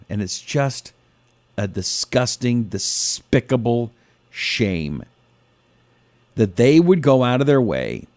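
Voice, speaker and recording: A man's voice: a little high, darkish tone, no echo. A man hosting a live talk show, chatty and sarcastic, reading out listener names between opinions. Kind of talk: casual live call-in talk.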